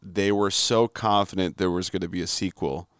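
A man chatting casually as a podcast co-host, animated and breaking into joking impressions. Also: normal speed, smooth, no room sound, studio quality. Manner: animated, bursts into high-pitched impressions. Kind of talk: casual chat.

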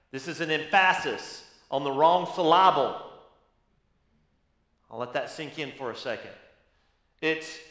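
A man's voice: sits high, sharp tone, reverberant. A man preaching a sermon as pastor, teaching with emphasis and asking rhetorical questions.

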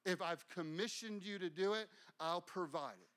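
A man preaching a sermon as pastor, fervent and emphatic, repeating his points and rising almost to shouting. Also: high-pitched, moderate pace.

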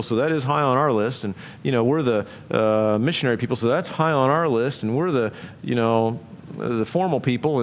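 Man preaching with rising rhetorical questions. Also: slight background noise. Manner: conversational preaching with rhetorical questions and lively pitch jumps. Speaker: pastor. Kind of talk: sermon.

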